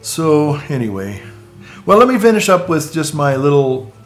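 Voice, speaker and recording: A man vlogging in a casual, rambling monologue, with halting restarts, asides and chuckles at his own jokes. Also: a little high, sing-song, soft background music.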